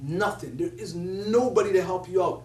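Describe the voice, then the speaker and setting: A man's voice: sits high, moderate pace, darkish tone. A young man who is a poet laureate, telling stories animatedly and laughing as he quotes other people. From Somalia. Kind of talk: storytelling talk. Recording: echoey room from a distance with faint hum.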